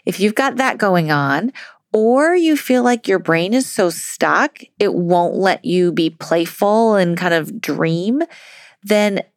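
A woman's voice: fairly low pitch, lively intonation, slow, dry recording, studio quality. A woman life coach giving upbeat, chatty advice on a solo podcast, laughing often as she talks.

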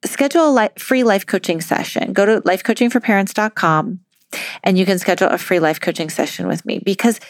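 A woman's voice: mid-range voice, fairly quick, no echo, studio quality. A woman life coach giving upbeat, chatty advice on a solo podcast, laughing often as she talks.

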